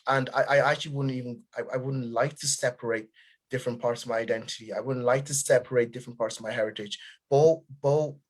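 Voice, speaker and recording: A man's voice: medium pitch, fairly even intonation, quick pace. A young Irish man with a Dundalk and Dublin accent, talking casually on a video call and laughing often as he searches for words. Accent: Irish, Dundalk and Dublin mix. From Ireland. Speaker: guest.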